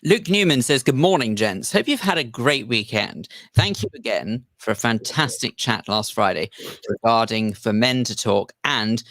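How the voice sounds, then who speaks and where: A man's voice: medium pitch, expressive, normal speed, fairly bright tone, dry recording. Polite, punning male radio host. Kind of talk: casual banter reading listener messages.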